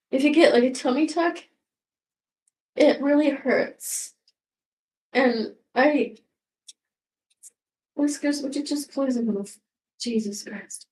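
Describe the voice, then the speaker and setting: A woman in her sixties rambling casually at home in a goofy, self-mocking way, swearing freely and drifting now and then into whispers. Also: sits high. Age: 60s. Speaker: vlogger. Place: home room.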